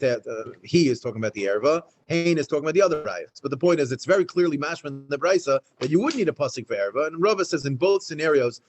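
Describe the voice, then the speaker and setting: Man, Talmud lesson, very fast, emphatic. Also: mid-range voice, rough recording. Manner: animated, restates points, fast and emphatic. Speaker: Talmud teacher. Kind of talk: Daf Yomi Talmud class. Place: synagogue study hall, in front of a small class.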